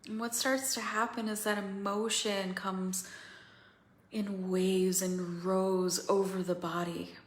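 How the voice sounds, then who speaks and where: A woman coaching other women through a feeling practice, slow and pausing, candid and swearing now and then. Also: mid-range voice, flat delivery, echoey room. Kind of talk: guided emotional coaching talk.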